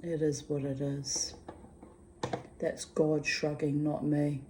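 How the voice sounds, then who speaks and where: A woman's voice: low-pitched, level tone, slow, a little mellow, a little hiss or hum. A woman talking candidly in a casual video diary, rambling and muttering asides to herself. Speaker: vlogger.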